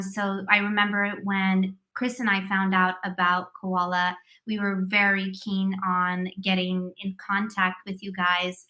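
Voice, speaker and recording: Bright-voiced woman, enthusiastic live-stream host on a video call, mid pitch. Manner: upbeat, effusive, many thanks and praise. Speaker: host of teacher business coaching live stream.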